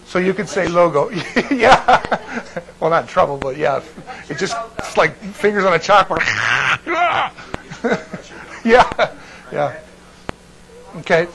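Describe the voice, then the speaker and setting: Chatty Bible class teacher, fairly high voice. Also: male voice, sing-song, takes it slowly, vocal fry, pushed and bright, rough recording. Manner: digressive, restarts often, checks in with the class.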